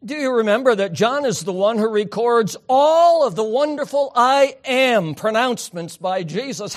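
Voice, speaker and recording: Animated preaching man, high voice. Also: normal speed, hardly any pauses. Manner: animated preaching, rising to loud emphatic peaks and dropping to soft asides. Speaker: pastor. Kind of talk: sermon.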